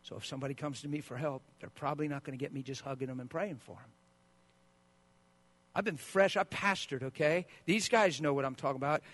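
A man preaching a sermon as a pastor, swinging from quiet asides to loud, driving peaks. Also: a little fast, dry recording. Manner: mocks sentimental sympathy with a high, wailing put-on voice.

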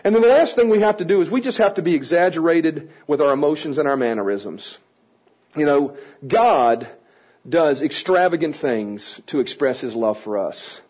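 높은 음의 허스키한 목소리의 남성 강사. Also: male voice, a little high, normal speed, slightly rough, rough recording. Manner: energetic, playful, coaxes the audience. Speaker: children's ministry trainer. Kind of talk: lively teaching talk to an audience.

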